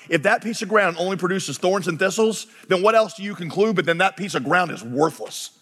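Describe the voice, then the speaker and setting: A man preaches a sermon in a high voice, building to impassioned shouts before falling back low and fast. His words ring through a church sanctuary with a long reverb. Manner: impassioned, rising to shouts, then dropping low and quick. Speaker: pastor. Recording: long reverb of a large hall.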